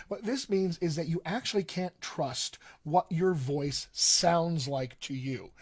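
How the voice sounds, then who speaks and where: A man teaching a live-streamed voice lesson as a dialect coach, explaining things conversationally and speaking straight to his viewers. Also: a little high. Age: young adult. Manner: conversational, explains with analogies, addresses viewers directly.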